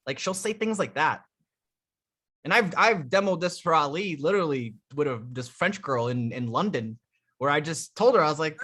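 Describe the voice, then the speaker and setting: A man running a live dating coaching session, talking bluntly with profanity and animated storytelling. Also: fairly high pitch, normal speed, husky.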